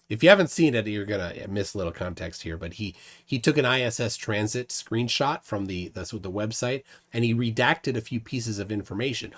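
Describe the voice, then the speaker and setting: A man hosting a casual livestream, reading viewer comments aloud, often stammering and repeating words. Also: mid-range voice. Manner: halting, stammering repeats, chuckles between thoughts. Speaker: livestream host.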